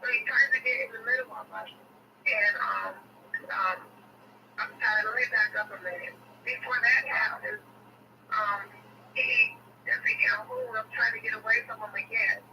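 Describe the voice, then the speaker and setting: A woman's voice: fairly high pitch, lively intonation, normal speed, gravelly, long pauses, bright, forceful tone, recorded from a distance, slight background noise, low-quality recording. A woman as an interview guest, recounting a personal experience emphatically, repeating phrases and using many fillers.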